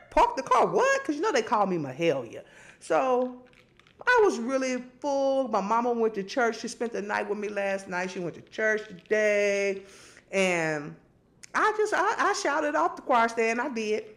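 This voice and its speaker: Lively middle-aged woman. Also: unhurried. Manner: animated storytelling, swings high and low. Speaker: host. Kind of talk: casual chat.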